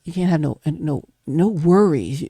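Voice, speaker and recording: A woman's voice: low voice, animated, unhurried, warm tone, breathy edge, no echo, clean studio sound. A woman giving an emphatic, preacher-like faith talk, acting out doubting voices. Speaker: guest speaker.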